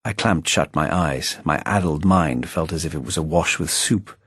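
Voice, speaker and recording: A man's voice: extremely low pitch, lively intonation, moderate pace, husky, no room sound. A man narrating his own novel in the first person in a wry, arch storytelling manner, recorded close on a studio microphone. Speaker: audiobook narrator, the author.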